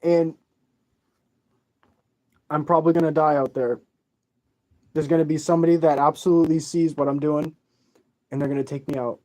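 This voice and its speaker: A tearful vlogger pours out a rambling, swear-filled rant straight to camera. The voice sits at a middle pitch with a dark, mellow tone, and the delivery is agitated and restless. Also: fairly even intonation, moderate pace, long pauses. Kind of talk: emotional profane rant to camera.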